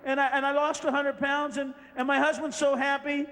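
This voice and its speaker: A comedian playing a tearful middle-aged woman on a weight-loss show who rambles with halting fillers. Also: very high-pitched, completely flat delivery, bright, forceful tone, low-quality recording. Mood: weepy rambling.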